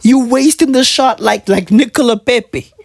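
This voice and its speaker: A man's voice: very high voice, unhurried, creaky, dry recording, clean studio sound. A man vlogging in casual chat with his wife, teasing and joking in playful banter.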